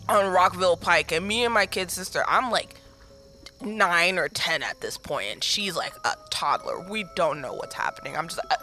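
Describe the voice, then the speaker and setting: A woman from the United States telling a story in casual group chat, acting out quotes with lively energy. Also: on the low side, moderate pace, soft background music. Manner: animated storyteller, acts out quotes.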